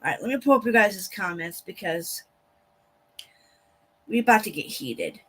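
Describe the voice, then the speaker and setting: A woman's voice: medium pitch, expressive, moderate pace, a bit bright. A woman hosting a casual livestream reaction to a court broadcast, talking bluntly to her chat, venting indignantly and swearing often. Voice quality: blunt and profane, with frequent swearing. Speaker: livestream host.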